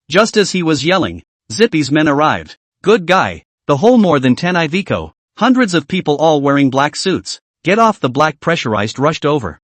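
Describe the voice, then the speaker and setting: A man's voice: a little high, dry recording. A man narrating a manhwa recap, reading all the characters' lines in his own voice with stilted wording. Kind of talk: scripted story narration.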